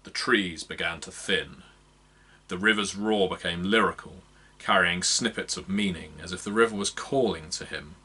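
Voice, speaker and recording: A man narrating a fantasy novel aloud in a measured, expressive reading. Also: deep voice, slightly rough. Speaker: audiobook narrator. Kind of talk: scripted narration.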